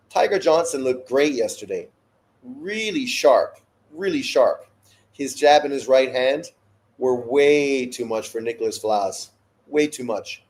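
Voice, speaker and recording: A man's voice: mid-range voice, dark tone. A man hosting a live boxing watch-along, ranting bluntly and swearing freely between fight talk. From Canada. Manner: blunt, profane, opinionated rants. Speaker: boxing show host.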